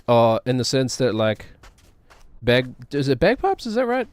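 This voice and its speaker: A man's voice: mid-range voice, big pitch swings, slow, darkish tone, dry recording. A man streaming a game, chatting in a rambling, joking way with self-deprecating asides. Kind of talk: casual gaming stream chatter.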